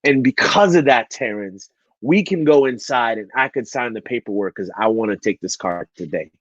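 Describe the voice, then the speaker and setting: A man telling a motivational story at an online event, animated and acting out the dialogue as he goes. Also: medium pitch, moderate pace, no room sound, muffled recording. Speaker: speaker at a men's online event.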